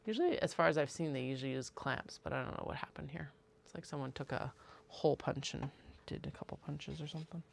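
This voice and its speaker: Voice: mid-range voice, fast talker, creaky, a little hiss or hum. A craft maker chatting casually on a livestream, muttering to themself and counting pieces aloud while working.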